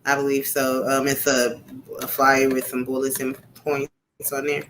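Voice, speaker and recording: A woman's voice: very deep voice, monotone, normal speed, a little hiss or hum. Laughing woman co-host reading comments. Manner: laughs easily, warm and affirming. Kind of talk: casual chat.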